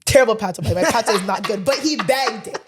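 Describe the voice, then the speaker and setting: A woman's voice: on the high side, quick pace, a little hiss or hum. Young woman co-host, chatty storyteller who acts out every quote with laughs. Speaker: podcast co-host. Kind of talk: casual storytelling chat.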